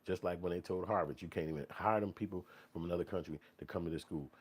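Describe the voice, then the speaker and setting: A man rants bluntly on his commentary show. His voice is low and husky, and he keeps slipping into exaggerated mocking voices to make his point. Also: quick pace. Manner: blunt, animated, swings into mocking quoted voices. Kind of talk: profane ranting commentary.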